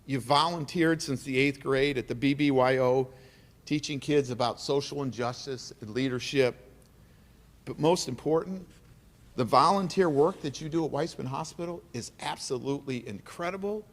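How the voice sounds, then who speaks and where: A man's voice: medium pitch, normal speed. A middle-aged man giving an emotional, earnest keynote speech at an awards dinner, repeating phrases for emphasis. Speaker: keynote speaker. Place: large banquet hall. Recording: reverberant banquet hall.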